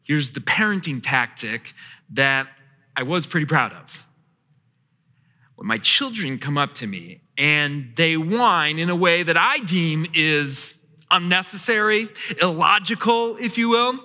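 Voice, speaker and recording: Pastor with a high, sharp voice in a reverberant hall. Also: male voice, animated, unhurried. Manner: storytelling with acted quotes and sudden shifts in loudness. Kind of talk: sermon. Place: church sanctuary. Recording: long church hall reverb.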